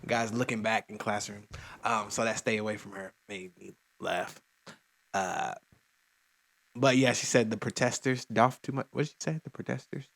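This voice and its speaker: A man's voice: on the low side, moderate pace, vocal fry, a bit bright. A man co-hosting a music reaction video, chatting casually and animatedly, sometimes slipping into playful impressions while retelling things.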